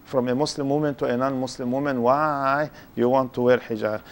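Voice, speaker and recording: A man's voice: medium pitch, fairly even intonation, a little fast. An older man with a foreign accent giving an interactive religious lecture, quizzing his young audience and tagging points with "huh?". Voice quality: speaks English with a foreign accent. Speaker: Islamic lecturer.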